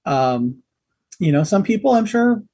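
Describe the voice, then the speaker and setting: A man's voice: high voice, very animated, a little slow, warm tone. A man co-hosting a movie podcast over a call, rambling with many fillers and dry sarcasm. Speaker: podcast co-host. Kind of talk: casual podcast chat. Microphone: video call.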